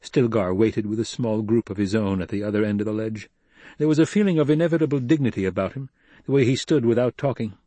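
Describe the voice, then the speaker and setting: Man, audiobook narration, husky, dry recording, measured. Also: on the low side, warm tone, no room sound.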